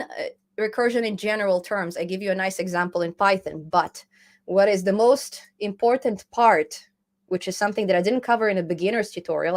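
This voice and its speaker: A woman hosting a casual live-stream chat about programming, chatty and laughing often as she reads viewer comments aloud. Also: medium pitch. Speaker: programming channel host.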